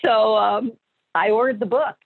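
A woman's voice: fairly high pitch, steady tone, moderate pace, creaky, husky. A middle-aged actress telling her personal story in an interview, earnest and emotional. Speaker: actress guest. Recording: phone-line sound.

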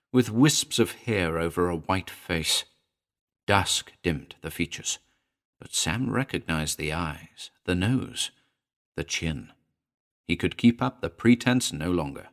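In a low-pitched voice, a man gives a dramatic reading of a short horror story, moving between hushed and urgent delivery.

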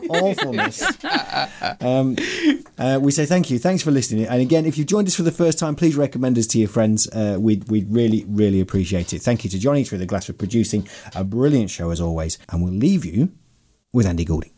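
A man hosts a film podcast in a loose, joking way, often poking fun at himself. His pitch swings widely as he talks, and his voice has a slightly husky edge. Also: fairly quick. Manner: self-mocking, jokey, animated. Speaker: podcast host. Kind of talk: casual chat.

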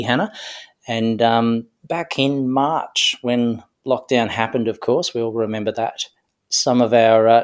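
A middle-aged man from Australia chatting casually as a podcast co-host, with many fillers and restarts. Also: medium pitch. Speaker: guest co-host.

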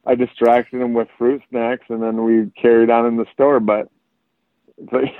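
A man's voice: medium pitch, unhurried, no room sound. A man, chatting on a podcast and animatedly telling stories while acting out the quotes. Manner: animated storyteller, acts out quotes. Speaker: podcast guest. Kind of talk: casual podcast chat. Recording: tinny phone-like line, dry.

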